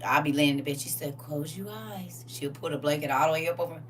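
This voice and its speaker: An older woman hosting a casual live stream from home. She tells animated stories, laughs often and reads viewer comments aloud. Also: low-pitched, racing, far from the mic, a little hiss or hum. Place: at home, indoors.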